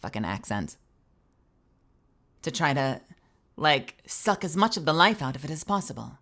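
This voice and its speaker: Low-voiced woman chatting about voice acting. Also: moderate pace. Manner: animated, swears freely, explains voice acting. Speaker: streamer and voice actor. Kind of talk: casual live-stream chat.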